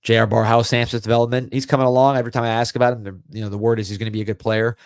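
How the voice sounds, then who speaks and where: A man's voice: mid-range voice, racing, smooth, no echo, studio quality. A middle-aged man hosting a live sports podcast. He chats casually and repeats words as he gathers his thoughts. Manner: relaxed, chatty, repeats words while thinking. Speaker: podcast host.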